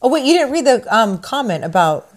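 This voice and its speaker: Playful lady chatting about a tv show, bouncy voice, a bit high. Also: brisk. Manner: animated, playful, slips into accents. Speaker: podcast co-host. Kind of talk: casual recap chat.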